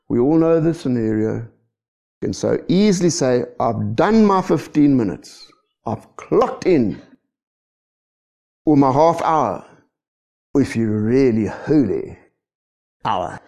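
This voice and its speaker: Brief: a male preacher, dark and husky voice, lively swings in pitch, checking in with the room. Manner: animated, asks rhetorical questions. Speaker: pastor. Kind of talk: sermon.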